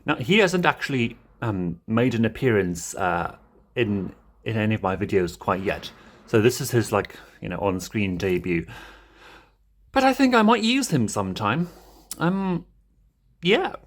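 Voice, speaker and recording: A man's voice: on the low side, big pitch swings, unhurried. A man casually showing his plush toy collection in a rambling way, chuckling often. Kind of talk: casual show-and-tell.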